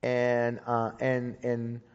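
A man's voice: mid-range voice, completely flat delivery, extremely slow, smooth. A man giving a sermon as a personal story, talking conversationally with frequent restarts and repeated words. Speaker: Bible teacher speaking to a congregation. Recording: dull recording with long hall reverb.

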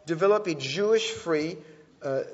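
A man's voice: a little high, moderate pace. A man giving a conversational sermon-style talk to an audience, often restarting and correcting himself. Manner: conversational, self-correcting, animated retelling. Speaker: speaker at a church teaching. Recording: dull lo-fi recording in a reverberant hall.

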